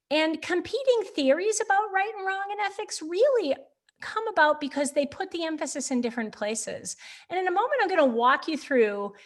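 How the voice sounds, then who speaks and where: A woman presenting on ethics to a panel over a video call, explaining ideas with animated emphasis and occasional self-corrections. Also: a little high.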